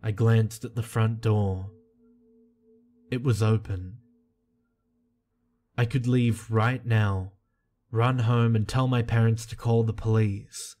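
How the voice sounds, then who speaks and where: Slow dark-voiced male horror narrator. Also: lowish voice, fairly even intonation. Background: soft music.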